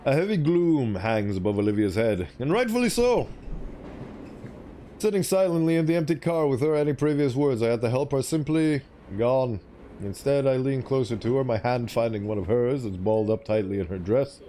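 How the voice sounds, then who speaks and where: Vtuber guy reading a visual novel out loud, expressive, swears in his asides, normal pitch. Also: moderate pace, slight background noise. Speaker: VTuber streamer.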